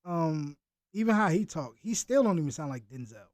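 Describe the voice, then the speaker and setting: A man's voice: on the high side, sing-song, normal speed, darkish tone, no room sound. A man chatting casually in slang with live viewers as he reacts to a video. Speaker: reaction streamer.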